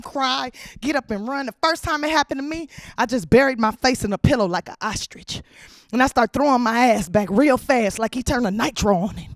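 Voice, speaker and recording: A woman doing a stand-up routine, telling a story in a loud, brash, slangy way, with crude jokes and rapid repeated lines, on a handheld stage mic. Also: sits high, dry recording, studio quality. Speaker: stand-up comedian.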